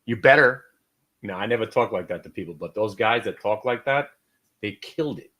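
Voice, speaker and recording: A middle-aged American man hosting a live stock trading room, talking casually and with swings between loud and quiet. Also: lowish voice.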